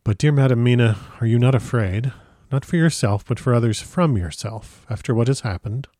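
A man voicing a fatherly old doctor who pleads slowly and solemnly in old-fashioned speech. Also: medium pitch, warm tone, no room sound, clean studio sound, close to an everyday voice. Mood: gentle. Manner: slow, solemn, archaic and imploring.

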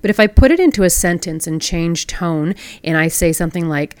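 A woman's voice: on the low side, animated, fairly quick, a little mellow, clear, resonant tone, dry recording. A woman, hosting a solo podcast in a conversational way and asking the listener questions. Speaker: podcast host.

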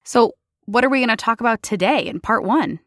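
Bubbly woman co-host, jokey, fairly high voice, dry close sound. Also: fairly quick, fairly bright tone, dry recording. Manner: bubbly, jokey, laughs a lot. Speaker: podcast co-host. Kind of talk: casual podcast chat.

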